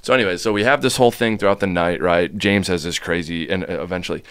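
A man's voice: low-pitched, fast talker, fairly bright tone, clear, resonant tone, dry recording, studio quality. A man guest on a podcast, telling a story casually and animatedly, swearing and acting out quotes.

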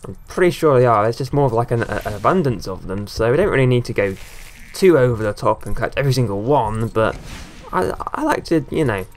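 A man narrating his own gameplay in a loose, rambling way, stopping to scold or cheer the characters. His pitch sits mid-range but swings widely, leaping high when something surprises him. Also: fast, slight background noise. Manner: rambling, excitable, talks to the game characters. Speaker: gaming video creator. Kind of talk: casual let's-play commentary.

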